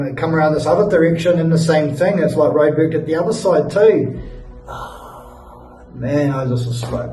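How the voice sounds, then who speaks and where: Here a travel vlogger from New Zealand, young and weary from a long ride, tells a loose, easygoing story to camera in his hotel room, sighing and using plenty of fillers. He has a medium-pitched, dark-toned voice. The audio feels roomy, with a distant mic and quiet music underneath.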